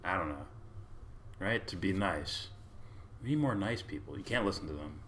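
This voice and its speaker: Very deep-voiced, laid-back podcast host. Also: male voice, animated, moderate pace, a bit bright, slight background noise. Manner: laid-back, profane, joking. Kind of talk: casual reaction chat.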